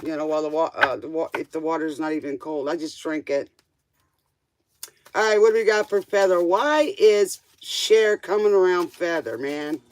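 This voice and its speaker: A woman's voice: deep voice, normal speed. A woman hosting a live tarot stream, chatting casually with viewers and laughing often.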